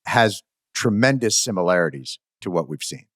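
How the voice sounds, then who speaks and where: A male host asking guests questions in a casual, animated, jokey way. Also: deep voice, normal speed, no room sound, studio quality. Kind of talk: casual interview chat.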